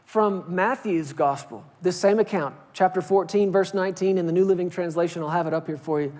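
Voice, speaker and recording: A man preaching a sermon as pastor, swinging from loud, pleading outbursts to hushed, quiet lines. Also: high-pitched, a little fast.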